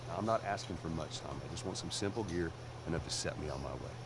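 A man voices a hardened middle-aged survivor in a video game, gruff and bitter, with a lowish voice. The game audio sits under loud noise. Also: fast, close to an everyday voice. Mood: weary. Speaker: game character.

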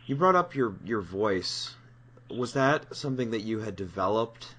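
A man's voice: fairly low pitch, expressive, measured pace, fairly bright tone, slightly rough. A man interviewing an actress, asking polite, admiring questions.

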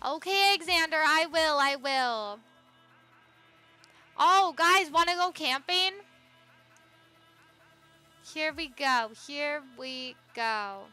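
A young woman with a high, bright voice chats through a live gaming stream, bubbly and quick to greet viewers by name. Her delivery jumps from excited squeals down to soft murmurs. Faint music plays underneath. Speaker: livestreamer.

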